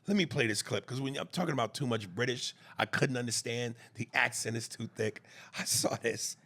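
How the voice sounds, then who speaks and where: A man's voice: medium pitch, a little fast, a bit bright. A man co-hosting a podcast in casual chat, blunt and profane, punching his key words hard. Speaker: podcast co-host.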